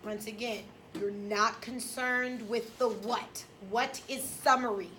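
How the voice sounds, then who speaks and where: Woman teacher giving a class lecture, kinda high and bright voice, blunt and sassy, little bit of room noise behind. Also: fairly even intonation, takes it slowly. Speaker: high school English teacher.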